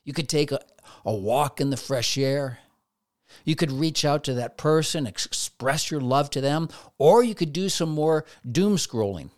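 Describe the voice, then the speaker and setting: A man's voice: on the high side, lively intonation, unhurried, darkish tone. A man who works as a therapist, giving a motivational faith talk, full of rhetorical questions and little acted-out inner voices.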